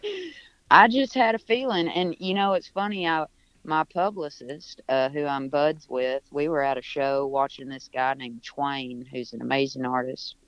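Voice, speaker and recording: A man's voice: mid-range voice, normal speed, fairly bright tone, smooth, dry recording, lo-fi sound. A man at home on a video call, a musician telling stories in a casual, rambling interview with many restarts. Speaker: musician guest.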